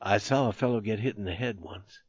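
A man voicing a wounded, tattered soldier who talks in a halting, pleading way and repeats himself. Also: lowish voice, darkish tone, husky, no room sound, lo-fi sound, pitched below the performer's own voice. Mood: concerned.

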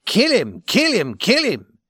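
A man voicing a fierce male brawler who talks loudly and sneers. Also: high-pitched, wildly swooping pitch, slow, slightly rough, dry recording, studio quality, pitched above the performer's own voice, exaggerated voice. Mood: mocking. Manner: loud, sneering, drawn out.

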